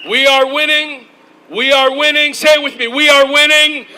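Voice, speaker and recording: A man giving an impassioned, shouted rally speech outdoors, rousing the crowd with call-and-response. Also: very high voice, fairly even intonation, normal speed, slight background noise, rough recording. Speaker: rally speaker.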